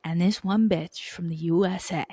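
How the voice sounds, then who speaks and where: A woman with a slightly low voice hosting a podcast. She tells sports stories in an animated, playful way and swears casually. The sound is dry and close. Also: normal speed, husky, no echo. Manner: animated storytelling, profane and playful. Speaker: podcast host.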